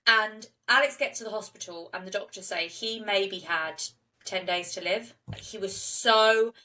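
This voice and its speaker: A young woman hosting a podcast, retelling a true-crime case in an animated way and acting out the quotes. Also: mid-range voice, measured pace, far from the mic, a little hiss or hum, poor audio. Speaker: podcast co-host.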